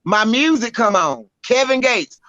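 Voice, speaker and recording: A Southern woman spins a story in a bright, forceful voice, blunt and animated, with salty language. The audio is dry and dull, like a lo-fi podcast mic close up. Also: fairly high pitch, a little slow, no echo. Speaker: spoken word poet, guest. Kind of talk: casual storytelling. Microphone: podcast microphone.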